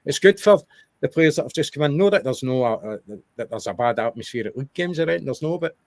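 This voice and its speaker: Young Scottish podcast co-host, chatty and rambling, medium pitch, dry sound. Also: male voice, lively intonation, fast talker, no room sound. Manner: chatty, rambling with restarts and wee asides. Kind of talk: casual football chat.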